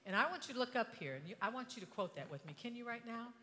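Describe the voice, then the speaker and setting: An older woman giving a motivational talk to an audience, impassioned, swinging from hushed tones to shouting. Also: on the high side, animated, very fast, big-room sound, slight background noise. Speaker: inspirational speaker.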